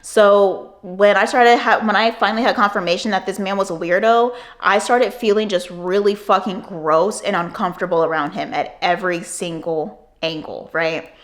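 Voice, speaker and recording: A young woman in her twenties tells a personal story to camera in a casual, rambling way. Her talk is full of "like" fillers and she swears often. Her voice sits in an ordinary middle pitch. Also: moderate pace, hardly any pauses. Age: 20s. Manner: rambling, profane, many "like" fillers. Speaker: vlogger.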